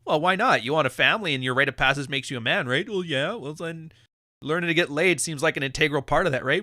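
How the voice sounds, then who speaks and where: Male podcast host, forceful and profane, slightly high voice, dry close sound. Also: quick pace, dry recording. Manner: blunt, profane, laughing. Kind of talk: live podcast rant.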